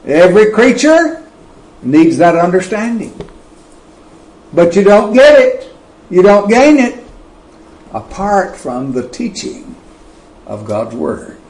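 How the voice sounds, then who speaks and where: Emphatic male preacher, slow deliberate sermon delivery with swooping intonation. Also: sing-song, roomy sound, rough recording. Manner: slow and emphatic, with wide swings of pitch and loudness.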